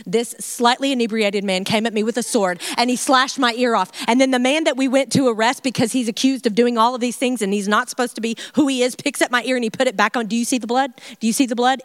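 A woman voicing an amazed male servant who excitedly tells his household how his ear was healed, repeating himself insistently. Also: on the high side, fairly quick, pitched above the performer's own voice, close to an everyday voice. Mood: astonished.

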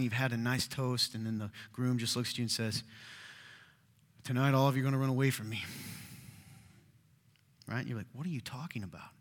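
A man preaches in a loose, talkative way, like he's chatting with his congregation, and he sometimes sinks to a near whisper for emphasis. His voice sits at an ordinary middle pitch. A long reverb trails behind his words as they fill a church hall. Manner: conversational and animated, drops to hushed tones. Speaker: pastor. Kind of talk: sermon.

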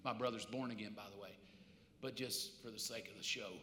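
A man preaching a sermon, shifting from quiet storytelling to loud, pleading acted voices. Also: on the low side, a little fast, over a noisy crowd. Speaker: pastor. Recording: echoey hall.

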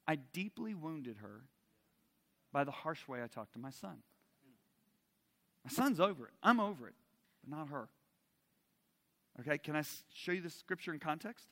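Dynamic male preacher in a reverberant hall. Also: on the high side. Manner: dynamic, swings from loud emphatic to soft intimate; asks the audience direct questions. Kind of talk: sermon.

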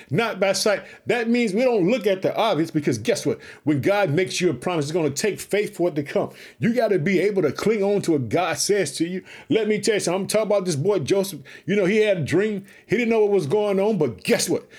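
A man preaching an energetic podcast sermon, fervent and repetitive, calling his listeners family and shouting hallelujah. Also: high-pitched, husky. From Chicago, United States. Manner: repeats catchphrases, calls listeners family.

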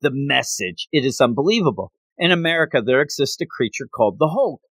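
A man's voice: medium pitch, lively intonation, fairly quick, a bit bright, slightly rough, no room sound. A man voicing a monstrous male villain gargoyle who talks in a grandiose, boastful way. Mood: gloating.

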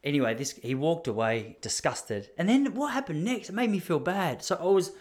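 A man's voice: fairly high pitch, expressive, a little fast, a little mellow. An Australian man in his thirties, telling a casual story in a rambling, self-deprecating way with many asides. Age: 30s.

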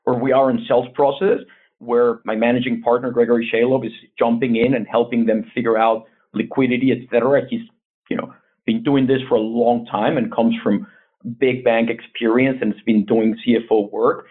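A man's voice: medium pitch, level tone, a little fast, husky. Man on a tinny phone-like line. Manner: earnest, advisory, frequent restarts. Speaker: investment bank CEO, guest. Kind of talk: conversational interview answers.

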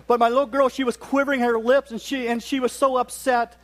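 A middle-aged preacher with a high, light voice. He delivers his sermon in a folksy, joking storytelling way. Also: flat delivery, fairly quick, fairly bright tone. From West Virginia.

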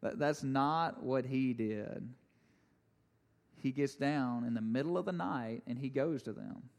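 A man preaching a sermon, animated and conversational, with jokes and asides to the congregation. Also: mid-range voice, a little slow, creaky, in a large hall. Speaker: pastor.

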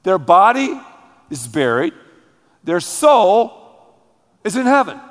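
A pastor preaching a sermon, emphatic and dramatic, calling on the congregation to repeat after him. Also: male voice, sits high, very animated, slow pace. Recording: long hall reverb.

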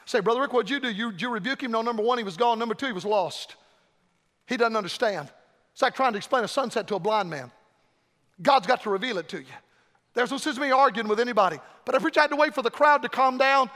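Impassioned high-voiced preacher in a hall. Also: male voice. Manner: impassioned, shouting then dropping low. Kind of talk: revival sermon.

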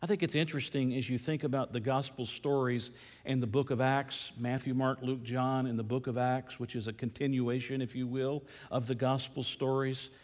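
A man's voice: mid-range voice, fairly even intonation, normal speed, a little mellow, big-room sound. A man preaching a sermon, opening with a folksy storytelling joke before turning to thanksgiving. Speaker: pastor.

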